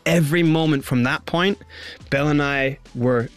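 Scottish man telling an animated story. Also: fairly high pitch, moderate pace, soft background music. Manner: animated, acts out other people's lines. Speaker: interview guest. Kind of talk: candid storytelling.

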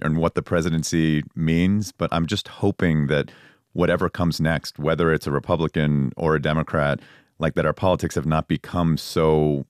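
A man's voice: very deep voice, clean tone, dry recording, studio quality. A middle-aged man, a journalist and co-host, reflecting earnestly in a conversational political discussion. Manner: reflective, earnest, musing aloud.

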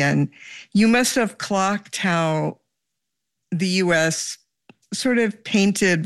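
An interviewer asking deliberate, probing questions. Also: mid-range voice, clean tone, no echo.

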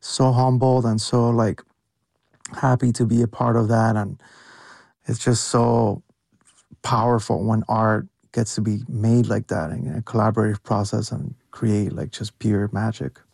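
A man's voice: fairly low pitch, little pitch movement, a little slow, vocal fry, darkish tone, no room sound. A young male music producer speaking as a guest on a radio interview, enthusiastic and full of "like" fillers.

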